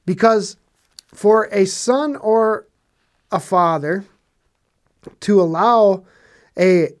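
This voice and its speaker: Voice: medium pitch, drawn-out words. A Bible teacher delivers a sermon with emphatic, conversational preaching. Points are hammered home by repeating phrases, and rhetorical questions are posed to the listeners. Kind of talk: preaching on scripture.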